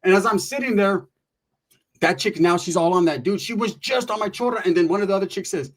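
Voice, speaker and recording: A middle-aged man from Merced, California, with a voice that sits high, tells a casual comic story. He's animated, profane and slangy, throwing in quick asides to the listener.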